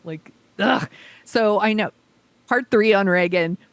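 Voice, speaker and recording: A woman's voice: mid-range voice, a little slow, smooth, no echo. A woman co-hosting a podcast in casual chat, blunt and emphatic, swearing freely. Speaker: podcast co-host.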